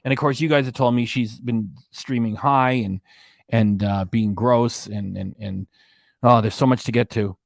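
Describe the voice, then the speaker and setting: A man's voice: mid-range voice, steady tone, normal speed, creaky, no echo, studio quality. A man hosting a reaction live stream in a casual, mocking way, laughing often as he talks. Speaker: reaction channel host.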